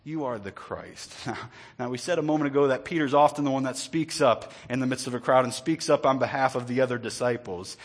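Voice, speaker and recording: Male pastor, mid-pitched, chatty sermon delivery with asides. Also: fairly even intonation, fast. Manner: conversational, joking asides, repeats words.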